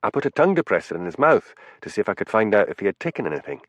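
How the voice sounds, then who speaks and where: A man voicing a calm, shrewd male police constable in an audiobook, speaking in a measured way. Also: on the low side, dry recording. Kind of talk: audiobook character voice.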